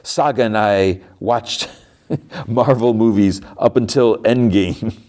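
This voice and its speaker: A man's voice: on the low side, takes it slowly, darkish tone, pitched above the performer's own voice. A man voicing an amused, boastful male time-traveling hero, his voice lightly raised.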